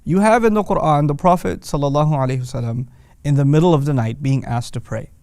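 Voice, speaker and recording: A man's voice: on the high side, fast talker, a little mellow, smooth, dry recording, clean studio sound. A man teaching a casual lesson on Quranic Arabic, explaining conversationally with everyday examples.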